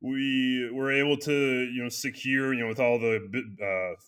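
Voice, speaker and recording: Bright-voiced man, earnest and rambling. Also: medium pitch, steady tone, unhurried, smooth. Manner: earnest, speaks in loose restarts with many "you know" fillers. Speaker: chiropractor and clinic founder. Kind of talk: casual interview conversation.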